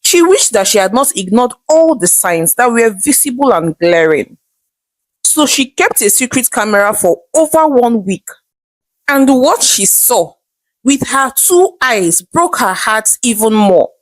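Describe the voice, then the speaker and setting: A woman's voice: fairly high pitch, sing-song, unhurried, no room sound. Woman telling a folktale. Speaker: storyteller. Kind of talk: scripted folktale narration.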